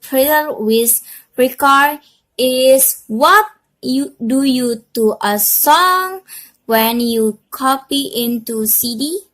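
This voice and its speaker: A young woman gives a class presentation in a fairly high voice. She reads slowly and haltingly, pausing on fillers and correcting herself as she goes. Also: fairly bright tone. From Indonesia. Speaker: student presenter.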